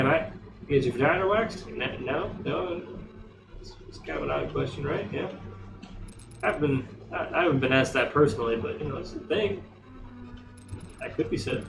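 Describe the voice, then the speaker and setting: A man's voice: mid-range voice, gravelly, reverberant. Man, rambling let's play commentary, distant from the mic, game music underneath. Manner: chatty, rambling, animated. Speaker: gamer streamer.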